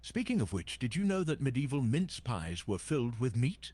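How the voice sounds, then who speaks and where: A jolly old Santa Claus, voiced by a computer-made man's voice, with a husky edge to an otherwise middle-pitched tone. His pitch swings freely from line to line as he keeps up a steady, cheerful patter. He even reads out his own stage directions as though they were part of the speech. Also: moderate pace.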